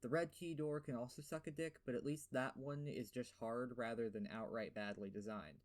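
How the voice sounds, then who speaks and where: A man's voice: mid-range voice, steady tone, moderate pace. A young man with a lisp giving a sarcastic, profane game review voiceover, full of fillers and rants. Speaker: gaming video host.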